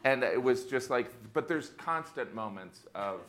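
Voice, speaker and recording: Male panelist with a bright tone, wry and rambling delivery. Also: mid-range voice, lively intonation, measured pace. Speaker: actor panelist. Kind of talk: comic anecdotal chat.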